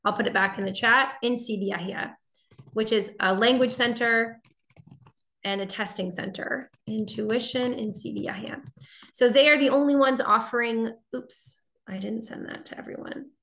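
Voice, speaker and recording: A woman's voice: a little high, moderate pace, gravelly, fairly bright tone. A woman from Boston with a neutral General American accent, teaching a live online lesson in a chatty way and answering viewer questions as she goes. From Boston, United States. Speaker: TOEFL teacher.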